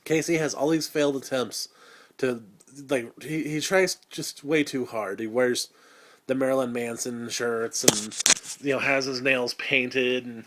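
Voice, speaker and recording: A man's voice: mid-range voice, fairly even intonation, measured pace, a bit bright. Sarcastic guy in his 30s ranting about a bad slasher flick, swears a lot, lots of ums. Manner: crude, sarcastic, rambling with many fillers. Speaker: host. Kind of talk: casual movie review.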